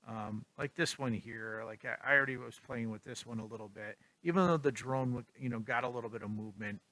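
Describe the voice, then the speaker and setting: Bright-voiced man rambling through a photo tutorial. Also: medium pitch, brisk, dry recording. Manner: relaxed, rambling, many ums and likes. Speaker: photography vlogger. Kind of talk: casual tutorial talk.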